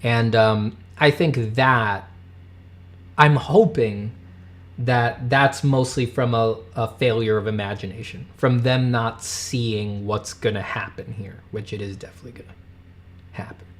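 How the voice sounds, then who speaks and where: A man in his thirties rants on his livestream, reading chat messages aloud between outbursts. He swears freely and his voice swings from loud, pitched-up anger down to low, quiet grumbling. His pitch sits in the middle range. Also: measured pace. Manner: heated, swearing, swings from shouting to muttering. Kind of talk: casual livestream rant.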